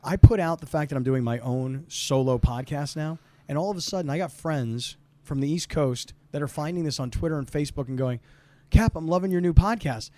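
A man's voice: a little high, warm tone. A man hosting a podcast, chatting casually and eagerly with a guest in an office. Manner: quick, enthusiastic talker. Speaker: podcast host. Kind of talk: casual interview chat.

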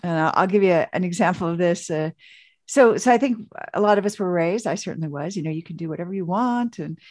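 A woman's voice: lowish voice, fast, darkish tone, no echo. A woman coach, a guest in an interview, telling stories in a chatty way full of fillers and restarts. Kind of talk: casual storytelling interview.

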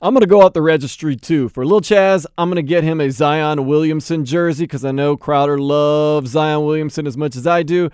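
A man's voice: on the high side, brisk, hardly any pauses, darkish tone, clear, resonant tone, no room sound, clean studio sound. A man co-hosting a radio show, playfully leading into a segment. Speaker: radio co-host. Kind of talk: casual radio chat.

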